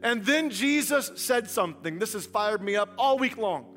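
A man preaching a sermon, telling the story with humor and swinging from hushed to loud. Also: high voice, lively intonation, normal speed, soft background music. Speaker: pastor.

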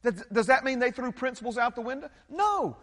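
A man preaching to his congregation, pressing points by repeating them and asking if they follow. His voice sits high for a man. A long reverb from a large hall trails each phrase. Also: lively intonation, fairly quick, a bit bright. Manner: emphatic, repetitive, questioning the congregation. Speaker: pastor. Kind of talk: sermon.

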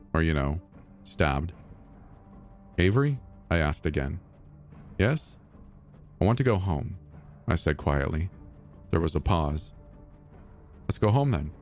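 Deep-voiced man reading a horror story aloud, soft and even, faint music behind. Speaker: story narrator. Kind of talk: scripted horror story narration.

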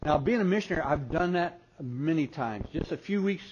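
Animated male preacher, dull lo-fi sound. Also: on the high side, fairly quick. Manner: animated storyteller who acts out voices. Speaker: speaker at a parenting conference. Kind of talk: humorous preaching with storytelling. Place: conference hall before an audience. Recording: dull lo-fi recording with faint noise.

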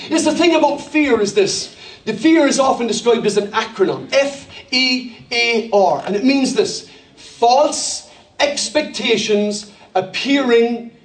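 An Irish man preaching a sermon as pastor, telling a story with emphasis and calling for responses. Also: very high voice. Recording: roomy hall, mic at a distance.

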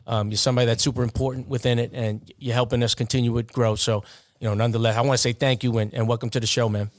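A man's voice: mid-range voice, flat delivery, racing, dry recording. A man with a New York accent hosting a podcast interview, talking casually and rambling, with lots of fillers. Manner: rambling, many fillers like "man" and "you know". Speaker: podcast host and referee.

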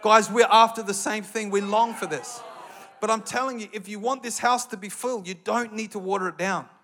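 An Australian man preaching a sermon with passion, building to loud, emphatic bursts. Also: high-pitched, steady tone, a little fast, faint music behind.

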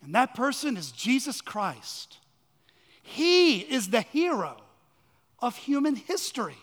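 A man with a strikingly high voice preaches a sermon, pressing hard on key words and then sinking into hushed, slow phrases. His voice rings with a long reverb, as in a church sanctuary. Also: big pitch swings. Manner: dramatic preaching, swinging from loud emphasis to hushed lows. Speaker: pastor.

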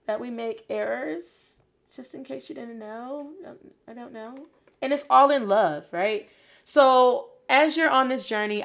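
Encouraging woman, fairly high voice. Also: creaky, fairly bright tone. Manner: encouraging, mixes Spanish phrases into English. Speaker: Spanish teacher and coach. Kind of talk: casual video lesson.

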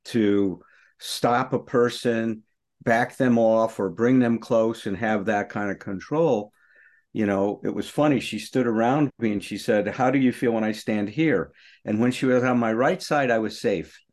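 Earnest middle-aged man telling his story. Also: on the low side. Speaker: podcast co-host in recovery. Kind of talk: personal recovery talk.

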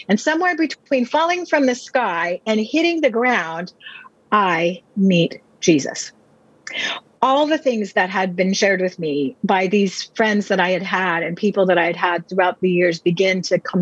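Woman pastor, earnest testimony teller, husky voice, dry slightly dull recording. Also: mid-range voice, dry recording. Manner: earnest, vivid storytelling with quick repeated restarts. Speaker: pastor and Bible teacher. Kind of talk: personal testimony storytelling.

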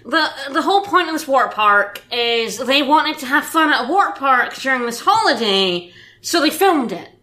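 A woman's voice: high voice, sing-song, normal speed, bright, forceful tone. A woman co-hosting a casual movie chat, teasing and emphatic. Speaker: podcast co-host.

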